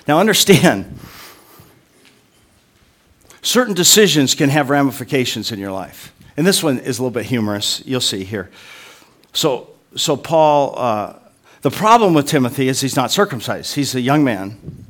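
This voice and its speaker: A man's voice: medium pitch, lively intonation, normal speed. Man preaching with joking asides. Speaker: pastor. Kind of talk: sermon.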